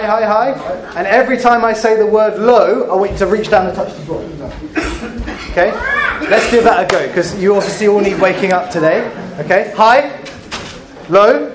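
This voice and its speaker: A high-pitched man leads a children's talk in church, playfully coaxing everyone to join in. His voice rings around an echoey church room. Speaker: preacher.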